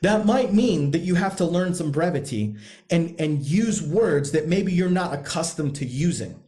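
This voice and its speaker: A man's voice: on the high side, expressive, moderate pace, warm tone. A man coaching husbands in a blunt, profane, emphatic monologue, hammering points home by repeating them. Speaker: podcast host, men's coach.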